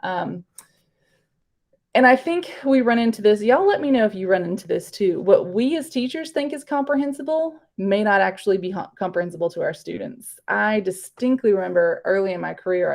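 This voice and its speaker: A woman runs a casual online teaching workshop. Her voice sits at an ordinary middle pitch and carries a gravelly, fry-touched edge. She talks in a chatty, rambling way, full of fillers and restarts. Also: a little mellow. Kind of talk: casual live online presentation.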